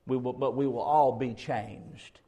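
A man preaching an expository sermon, building to loud, slowed, emphatic peaks on key words. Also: mid-range voice, fairly even intonation, husky.

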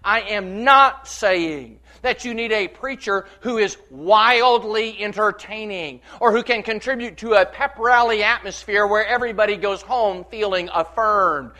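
A male pastor preaching a sermon, reading scripture with verse references and building to loud, repeated declarations. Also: sits high, measured pace, few pauses.

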